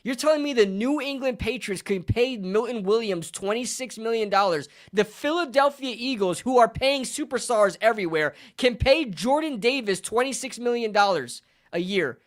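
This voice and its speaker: A male sports streamer in a fired-up rant. He swears freely and hammers each point with repeated phrases, swinging between shouting outrage and muttered disbelief. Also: high-pitched, animated, normal speed. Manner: heated, profane, repeats lines for emphasis. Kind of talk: live sports reaction rant.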